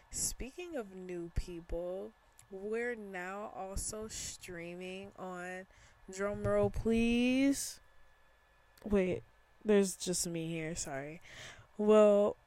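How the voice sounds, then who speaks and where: A woman's voice: mid-range voice, darkish tone. A young woman from Chicago hosting a casual solo podcast from her bedroom, chatty and rambling, with slang and easy laughter. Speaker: podcast host.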